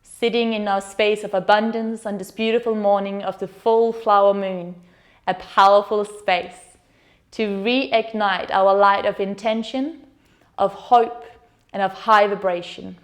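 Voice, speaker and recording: A woman yoga teacher leading a guided meditation with slow, soothing, gentle instructions. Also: medium pitch, fairly even intonation.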